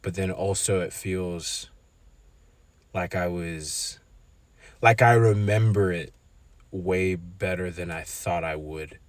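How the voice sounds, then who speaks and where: Deep-voiced man hosting a reflective podcast. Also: steady tone, takes it slowly, long pauses, no echo. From Zimbabwean family. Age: 20s. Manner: hesitant, many ums and restarts, candid. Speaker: podcast host. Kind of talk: reflective solo podcast talk.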